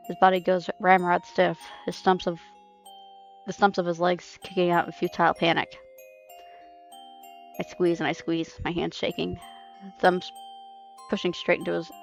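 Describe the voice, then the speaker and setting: A woman reading a dark first-person story aloud on a stream, intense and halting, with restarts. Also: lowish voice, gravelly, highs cut off. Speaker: reader. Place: home streaming setup. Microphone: streaming mic.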